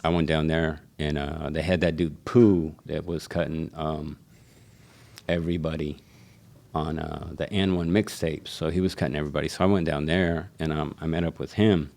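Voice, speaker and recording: A man's voice: a bass voice, steady tone, normal speed, gravelly, a little mellow. A man, a barber, telling stories in a casual podcast conversation and acting out the voices of people he quotes.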